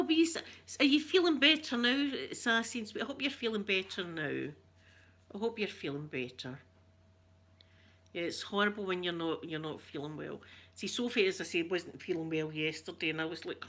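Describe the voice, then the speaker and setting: A middle-aged Scottish woman, an ASMR livestreamer reading viewer comments, chats casually with her live audience. Her mid-range voice is fairly bright and moves at a normal speed. She rambles, laughs often and greets viewers by name.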